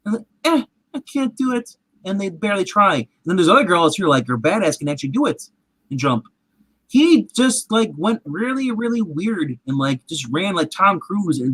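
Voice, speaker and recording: A man hosting a casual show, retelling a TV episode in an animated, rambling way with restarts. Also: high-pitched, no echo. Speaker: podcast host. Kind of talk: casual chat recapping a TV episode.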